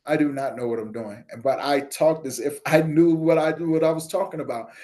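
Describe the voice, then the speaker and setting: A man talking through a personal story on an interview show. He slips into softer, lower tones when he quotes the people in his tale. At other moments he lifts his voice and gets loud and lively. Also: moderate pace. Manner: animated storyteller, acts out dialogue with voice shifts; drops soft and low when quoting others. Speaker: podcast guest, nonprofit founder.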